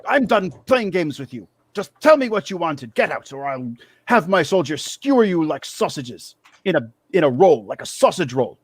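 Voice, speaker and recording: A man's voice: on the high side, very animated, normal speed, slightly rough, no echo, pitched above the performer's own voice. A man voicing a pompous, cowardly male monkey demon priest who talks in a whiny, indignant, self-important way. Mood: threatening.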